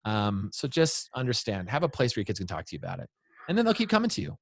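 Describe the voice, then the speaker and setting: A man's voice: mid-range voice, wildly swooping pitch, quick pace, dry recording. A man in his thirties, a guest speaking to parents in an interview, talking with energy and acting out what kids say. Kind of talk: animated interview talk.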